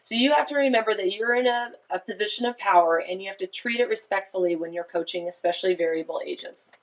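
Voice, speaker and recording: A woman's voice: mid-range voice, quick pace, rough recording. A woman volleyball coach explaining a lesson in an instructional style, emphatic and full of rhetorical questions. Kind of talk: instructional presentation.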